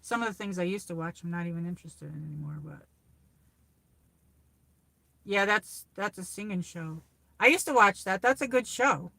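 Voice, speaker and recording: A woman's voice: medium pitch, moderate pace, pauses often, sharp tone, dry recording. Chatty New York woman livestreaming. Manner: rambling, chatty, reads viewer comments aloud. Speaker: livestream host. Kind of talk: casual live chat with viewers. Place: car on a drive.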